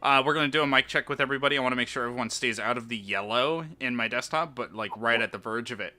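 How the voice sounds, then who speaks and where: A man's voice: medium pitch, very fast, pushed and bright. A young man running a tabletop game session on stream, talking casually and laughing with his players. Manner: laid-back, laughing, loose. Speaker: game master.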